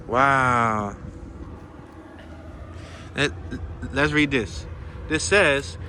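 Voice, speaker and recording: Outdoors by a pond in the cold, a man vlogs casually on a walking tour, joking around in a playful, slangy way. His medium-pitched voice is pushed and bright, and he speaks very slowly with frequent pauses over a slight hiss or hum.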